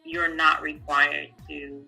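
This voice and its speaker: A woman's voice: low-pitched, little pitch movement, slow, creaky, sharp tone, slightly rough, soft background music, poor audio. A woman tax professional, a guest, explaining filing rules step by step in a plainspoken, casual way, with fillers. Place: California.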